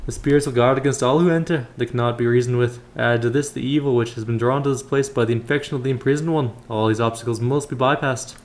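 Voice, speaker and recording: A man voicing a calm, fatherly older monk elder who calls the listener child, reading in his everyday voice. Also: mid-range voice, fast talker, few pauses, close to an everyday voice. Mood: instructive.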